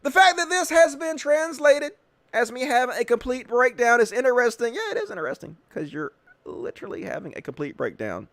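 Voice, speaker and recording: A man's voice: very high voice, very animated, fairly quick, vocal fry, a bit bright, dry recording. Sarcastic, profane male talk-show host. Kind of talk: political commentary show.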